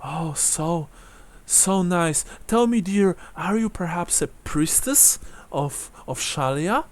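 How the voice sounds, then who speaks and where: A man's voice: a little high, animated, slow pace, voice pushed up. A man voicing a frail, wounded old widow who is sweet and effusive, sighing "oh" often. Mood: fawning. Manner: breathy exclaiming "oh"s, sweet and effusive.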